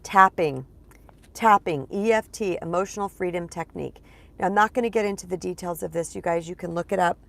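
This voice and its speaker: A woman's voice: on the low side, fairly quick, creaky, fairly bright tone. A woman speaking as a spiritual empowerment coach in a casual vlog monologue. She is chatty, repeats words for emphasis and talks to her viewers as "you guys.".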